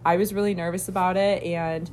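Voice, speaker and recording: A young woman chats casually on a podcast in a relaxed, reflective way. Her voice sits a little low for a woman. A faint hiss is heard behind her. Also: brisk. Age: young adult. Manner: relaxed, reflective, with soft laughs. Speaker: student club member.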